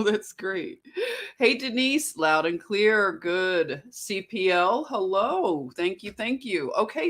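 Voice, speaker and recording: Unhurried American woman host, mid-pitched, warm with her chat, restarts her sentences often. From United States. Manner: greets viewers by name, chatty and affectionate; unhurried, restarts and self-corrections. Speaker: livestream host. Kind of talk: casual livestream commentary.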